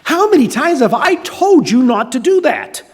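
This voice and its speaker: A man's voice: very high voice, very animated, normal speed, in a large hall, voice pushed up. A pastor playing an exasperated male basketball referee who scolds and threatens a player. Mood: exasperated scolding.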